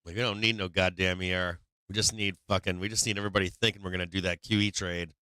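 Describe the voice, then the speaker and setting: A man's voice: low-pitched, fairly even intonation, fast talker, pushed and bright, smooth, no room sound. An older man hosting a stock market livestream, talking casually with lots of swearing and laughter. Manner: profane, laughing, rambling.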